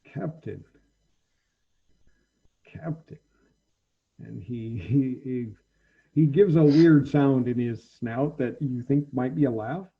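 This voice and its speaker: A man narrating as the game master of a tabletop role-playing game, halting and full of ums as he describes the scene. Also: medium pitch, breathy edge, phone-quality sound.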